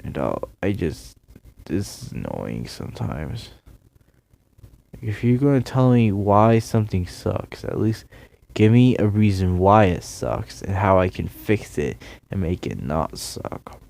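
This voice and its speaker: A man's voice: deep voice, big pitch swings, unhurried, vocal fry, a little mellow. A tired man rambling through a sarcastic solo video rant, yawning and losing his train of thought. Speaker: YouTuber.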